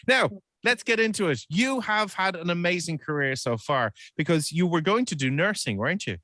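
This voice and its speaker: An Irish man hosting a morning radio show, upbeat, with quick patter. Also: high-pitched, animated, pushed and bright, no room sound. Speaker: radio host.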